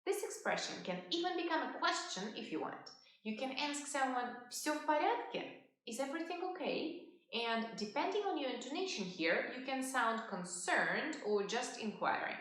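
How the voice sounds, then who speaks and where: A native Russian woman teaching a beginner language lesson in English with a Russian accent, pronouncing each phrase slowly and clearly. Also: high-pitched, a bit bright. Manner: slow, clearly modelled pronunciation. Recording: very echoey room.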